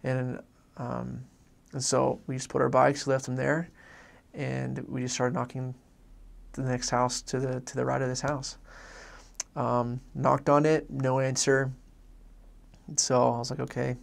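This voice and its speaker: A man recounting a faith story from his missionary days, earnest and halting, often restarting his sentences. His voice is gravelly with a flat, level pitch. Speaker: former missionary. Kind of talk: personal faith testimony story.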